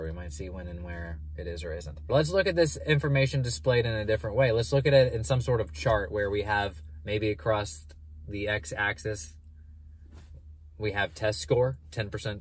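A man who is a math teacher explaining averages in a casual, conversational lesson, often rephrasing and breaking off mid-sentence. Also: medium pitch. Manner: conversational, animated, self-interrupting.

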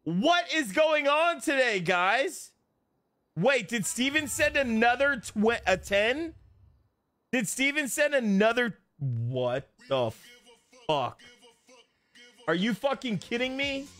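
A young man streaming a roleplay game, chatting casually and swearing excitedly. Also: extremely high pitch, slow pace, pauses often. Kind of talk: casual gaming chat.

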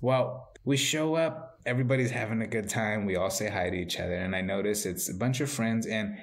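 Animated, swearing male podcast host. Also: lowish voice, brisk. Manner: animated storyteller, acts out quoted voices, swears freely; tags lines with "right?". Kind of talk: casual storytelling chat.

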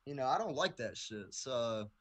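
A young man from Tennessee, a guest in a casual interview, telling a story in a profane, animated way with heated outbursts. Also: mid-range voice, normal speed. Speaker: guest rapper.

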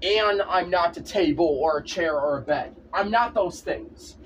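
A man's voice: sits high, a little slow, a bit bright, far from the mic, slight background noise. A man in a casual vlog, ranting insistently and repeating himself over and over. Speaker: vlogger. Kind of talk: casual rant to camera.

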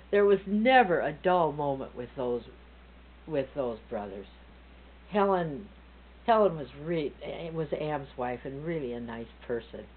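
An older woman with a strikingly low voice tells family stories in a loose, rambling way, stopping to correct herself and laugh. The sound is thin and tinny like a phone line, with a faint hum underneath. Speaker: family storyteller. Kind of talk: casual reminiscing. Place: front porch, outdoors.

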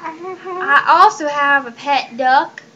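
High bright-voiced woman putting on a fake accent. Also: slow, lo-fi sound, a little hiss or hum. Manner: fake accent, playful, scolds loudly. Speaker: comedy video host. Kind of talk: silly comedy sketch.

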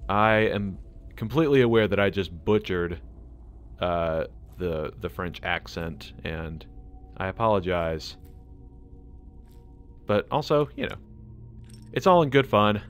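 Excitable American guy narrating gameplay. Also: low-pitched, slow pace, long pauses, clear, resonant tone, soft background music. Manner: excitable, chatty, laughs a lot. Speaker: gaming channel host. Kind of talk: casual gameplay commentary.

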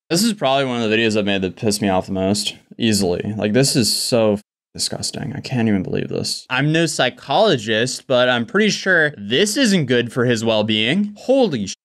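A man's voice: mid-range voice, a bit bright. A man doing casual online commentary, blunt and indignant, swearing now and then. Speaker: commentary YouTuber.

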